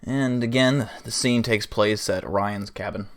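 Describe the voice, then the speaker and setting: A man's voice: fairly low pitch, fairly even intonation, unhurried. A man hosting a livestream, telling an improvised story in a casual, rambling way with fillers and swearing. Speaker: livestream host.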